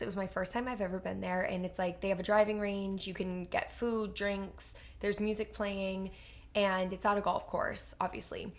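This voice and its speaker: A young woman co-hosting a podcast, telling stories in casual chat with lots of "like" fillers. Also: mid-range voice. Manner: animated storyteller, heavy use of "like". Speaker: podcast co-host.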